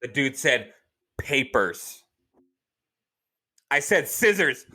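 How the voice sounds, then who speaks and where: A man's voice: medium pitch, big pitch swings, drawn-out words, sharp tone. A man co-hosting a comedy podcast, teasing and delivering one-liners in casual chat. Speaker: podcast co-host.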